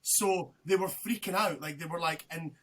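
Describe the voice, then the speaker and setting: A man's voice: a little high, normal speed, a bit bright, slight background noise. A young man, a podcast guest, telling a rambling story in casual chat, swearing freely and restarting his sentences.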